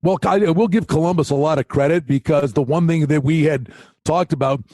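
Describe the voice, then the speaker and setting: A man co-hosting a sports betting podcast in casual chat, an excitable storyteller. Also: on the high side, brisk, no echo. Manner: excitable storyteller, animated retellings. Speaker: podcast co-host.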